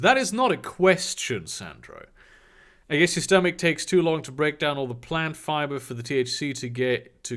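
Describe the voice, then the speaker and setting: A man's voice: medium pitch, fairly bright tone, clear, resonant tone. Rambling male streamer reading chat. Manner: rambling, halting with many fillers, casual swearing. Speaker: live streamer answering chat. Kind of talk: casual livestream chat.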